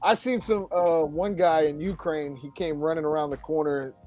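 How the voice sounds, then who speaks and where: A man hosting a relaxed podcast, talking in a loose, rambling way and laughing often. His voice sits a little high for a man. Soft music plays faintly behind him. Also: normal speed. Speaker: podcast host. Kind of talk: casual podcast chat. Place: home studio, Florida.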